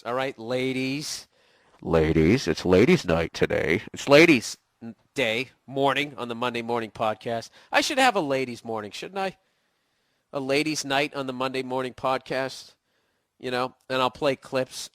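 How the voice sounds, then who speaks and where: A man's voice: mid-range voice, a bit bright, dry recording, clean studio sound. A man hosting a podcast, talking in a casual comedic rant full of profanity and sarcastic mock insults. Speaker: podcast host.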